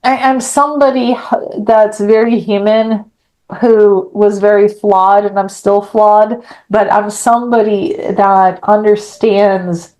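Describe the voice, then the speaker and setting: Middle-aged woman, podcast guest, blunt, animated storytelling, acts out the lines. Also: mid-range voice, slow, rough recording. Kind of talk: personal storytelling in an interview.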